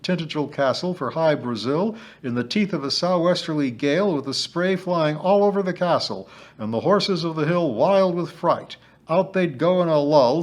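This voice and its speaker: Brief: a boisterous ancient male sprite, as a man puts him on, a bit raised and loud. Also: a little high, pitched above the performer's own voice, lightly acted. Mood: excited. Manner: hearty, emphatic, sing-song when chanting. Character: merry ancient male hill sprite, lively and boastful.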